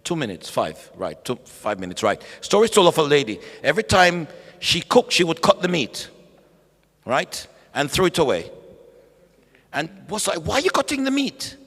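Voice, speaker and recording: A man preaching at a bible study, animated, calling out to the congregation and acting out voices. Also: fairly high pitch, moderate pace, husky. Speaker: pastor. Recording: echoey hall.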